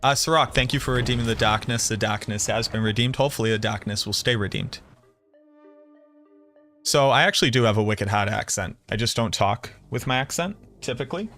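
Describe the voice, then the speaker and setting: A man's voice: medium pitch, a little fast, a bit bright, soft background music. A man from the Boston area streaming a game, thinking aloud and chatting with viewers as he plays. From Boston area, USA. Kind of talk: live-stream gameplay commentary.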